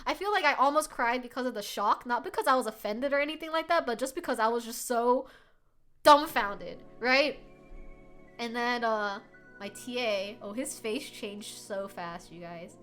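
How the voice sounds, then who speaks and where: A young woman streamer telling a story in a high, bright voice, animated and filler-heavy. Faint music plays underneath. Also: normal speed. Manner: animated, laughing, lots of filler words. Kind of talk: casual storytelling chat.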